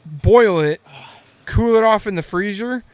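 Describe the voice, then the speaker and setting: High clear-voiced man in his twenties. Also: slow pace, no echo. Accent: American. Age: 20s. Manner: rambling storyteller, laughs often. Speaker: podcast co-host. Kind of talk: casual chat.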